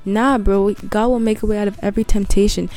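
A woman's voice: mid-range voice, fairly even intonation, fairly quick, a little mellow. A young woman hosting a casual Christian podcast, talking earnestly and bluntly with slang and restarts, a little tired. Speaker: podcast host.

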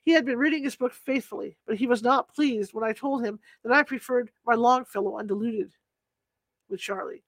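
A woman narrating a story aloud in a steady, plain storytelling manner, as an audiobook reader. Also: a little high, normal speed, dry recording.

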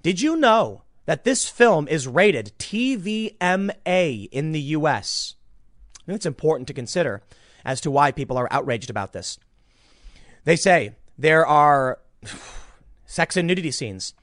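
A man's voice: a little high, unhurried, no room sound, studio quality. A man giving casual online commentary, talking emphatically with frequent restarts. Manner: animated, emphatic, ranting with repeated restarts.

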